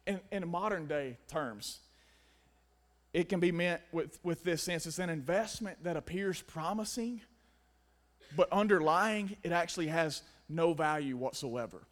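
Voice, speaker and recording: A young man preaching a sermon, emphatic, swinging between loud stresses and quiet asides. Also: a little high, a little slow.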